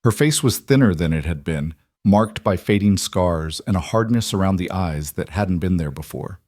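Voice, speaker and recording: A man giving scripted, measured narration of a western story. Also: sits low, animated, a little mellow, dry recording, studio quality.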